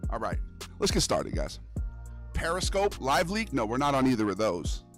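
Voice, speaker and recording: A young man streams a horror game, chatting loosely with viewers in slang-heavy speech and calling the audience "bro." His voice is fairly low, very animated, and a little fast, with faint music in the background.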